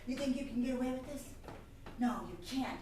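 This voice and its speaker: A woman doing a gruff gnome gang boss, heard from afar. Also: high-pitched, brisk, dark tone, natural voice. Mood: threatening. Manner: gruff, boastful threats. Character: tough scheming male gnome gang boss. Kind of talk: live improv comedy. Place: theatre stage. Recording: echoey stage, distant mic, faint noise.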